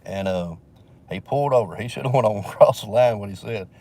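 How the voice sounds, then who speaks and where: A man's voice: lowish voice, a little fast, gravelly, darkish tone. Man, Southern Alabama accent, rambling profane storyteller, casual vlog, talking from a vehicle.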